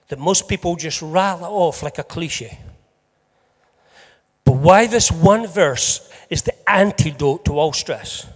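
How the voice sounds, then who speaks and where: A man preaching a sermon to a congregation in a lively, joking way, swinging between loud bursts and soft asides. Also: fairly high pitch. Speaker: pastor. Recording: long hall reverb.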